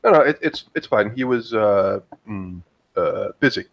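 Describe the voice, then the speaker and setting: A man's voice: lowish voice, expressive, measured pace, vocal fry, dull audio, exaggerated voice. Guy playing a guarded young fighter girl, dodges questions and stumbles over words. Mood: evasive. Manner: hesitant, stammering, deflecting.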